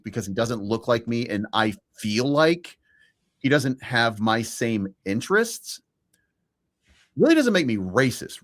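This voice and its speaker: A man co-hosting a live stream, giving his opinions in a casual political debate, with frequent restarts. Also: fairly low pitch. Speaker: stream co-host.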